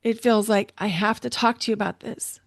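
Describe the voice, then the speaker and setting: Reflecting personally on her podcast, this middle-aged intuitive coach speaks earnestly and emotionally, circling back to repeat points for emphasis. Her voice leans high with a steady tone and some vocal fry, and she talks a little fast. There's no echo.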